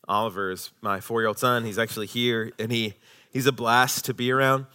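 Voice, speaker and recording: Bright-voiced male pastor preaching with emphasis. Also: mid-range voice, level tone, a little fast, smooth. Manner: emphatic preaching, swinging from loud declarations to quiet intensity. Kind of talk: sermon.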